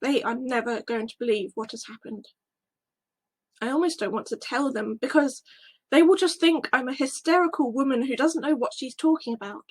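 A woman narrates a Bible story in the first person, as if living through it herself. Her voice is high and breathy. She sounds emotional, full of fear and wonder. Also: moderate pace.

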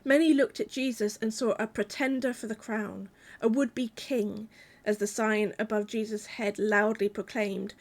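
A woman delivering a sermon in a calm, measured, reflective way. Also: mid-range voice. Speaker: preacher.

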